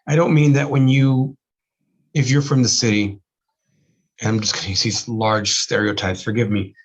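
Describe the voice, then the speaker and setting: Recorded on a camera mic with lo-fi sound, a man gives an informal, rambling lecture by himself indoors, using many fillers. His husky, medium-pitched voice is fading, and his accent mixes Texan and Spanish.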